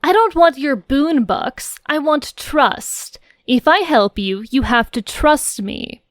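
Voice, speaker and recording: A woman's voice: high voice, lively intonation, takes it slowly, no room sound, studio quality. A woman voicing a sly, mischievous young troll who offers to be a lawyer in a fan audio drama, speaking in a smug, teasing way.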